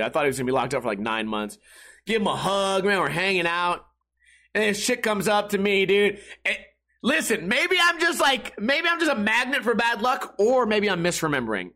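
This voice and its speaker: A middle-aged man from Las Vegas spins a rambling, profane story with a high voice. His tone is bright and sharp, and he gets heated and laughs between lines. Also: big pitch swings, fairly quick.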